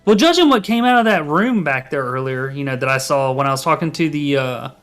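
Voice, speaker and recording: A man's voice: on the high side, expressive, fairly quick, a bit bright, soft background music. A man playing a tabletop role-playing game, rambling and joking as he describes his character's actions. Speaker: player.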